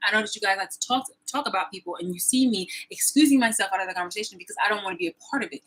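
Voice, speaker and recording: A woman's voice: medium pitch, fairly bright tone, husky, rough recording. A woman in her thirties delivering a profane, confrontational personal rant to the camera, repeating herself as she goes. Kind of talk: angry personal vlog rant.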